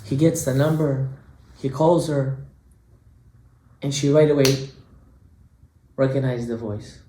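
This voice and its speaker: A male rabbi giving a sermon, telling a story and swinging between hushed lines and emphatic ones. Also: medium pitch, fairly even intonation, takes it slowly, a little hiss or hum. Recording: echoey room.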